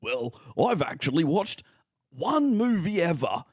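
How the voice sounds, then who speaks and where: A man's voice: a little high, big pitch swings, a little slow, breathy edge, dry recording, clean studio sound, heavily acted. A man playing his own rural Australian twin brother in an improvised comedy podcast, bluffing through odd claims. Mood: deadpan bluster. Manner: improvised comic bit.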